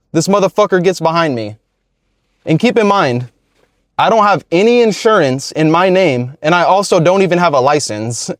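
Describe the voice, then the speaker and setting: A man in his twenties telling a story from his life in a relaxed, slangy, profane way. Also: fairly high pitch, no echo, clean studio sound. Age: 20s. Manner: laid-back, profane, slangy. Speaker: YouTuber. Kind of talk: casual storytelling vlog.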